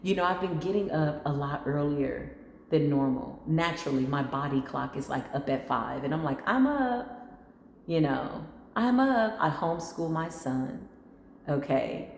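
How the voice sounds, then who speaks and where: A woman's voice: deep voice, steady tone, normal speed, creaky, echoey room, in a large hall, slight background noise. A middle-aged woman hosting her own spiritual channel, chatting casually and animatedly, acting out the voices in her stories. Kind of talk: casual storytelling monologue.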